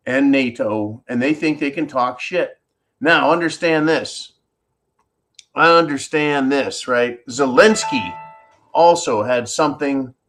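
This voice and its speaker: A man's voice: medium pitch, a bit bright. A middle-aged man hosting a profane, sarcastic commentary monologue, talking straight to his viewers as folks. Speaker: channel host. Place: indoors, tropical home.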